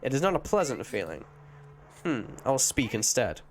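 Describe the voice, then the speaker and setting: A man voicing an ancient disembodied echo spirit in an improvised live-stream role-play, speaking in slow, formal, archaic phrasing. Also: medium pitch, big pitch swings, close to an everyday voice. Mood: wary.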